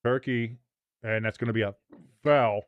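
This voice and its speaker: A man hosting a live match watch-along, commenting casually, swearing freely and leaping from low mutters to shouts. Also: moderate pace, smooth, no echo, dull audio. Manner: excitable, profane, jumps from mumbling to shouting.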